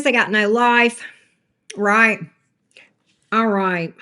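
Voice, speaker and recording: Hosting a live tarot stream, an older woman speaks at normal speed in an expressive, medium-pitched voice that's fairly bright. She keeps up casual chatter, calling out viewers by name in a blunt, sassy way.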